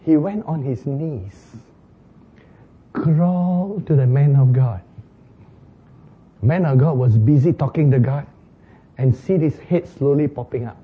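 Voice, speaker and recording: A man preaching an animated, playful sermon retelling, laughing at his own jokes. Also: fairly high pitch, slightly rough, dull audio.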